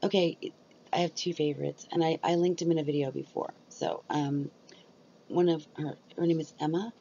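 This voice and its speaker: A woman's voice: low-pitched, gravelly, mellow, muffled recording, slight background noise. A woman vlogger chatting casually and rambling. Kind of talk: casual chat about ASMR.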